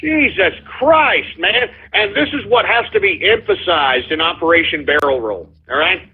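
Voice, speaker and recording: A man's voice: fairly high pitch, lively intonation, normal speed, slightly rough. A man hosting a call-in radio show, ranting heatedly with lots of profanity and repetition. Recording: lo-fi phone-like sound.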